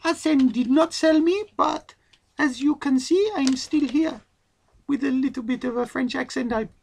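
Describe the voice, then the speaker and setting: A man doing a hammy fake-French footballer. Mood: jokey. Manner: high, slow and hammy. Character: mock footballer hamming up a French accent.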